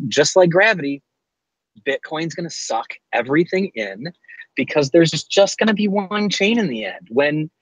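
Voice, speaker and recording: A man's voice: fairly high pitch, breathy edge, no room sound. A man calling in to a talk show, rambling with hesitant restarts and wry laughs. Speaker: caller. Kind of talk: casual call-in discussion over Skype. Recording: muffled internet call audio.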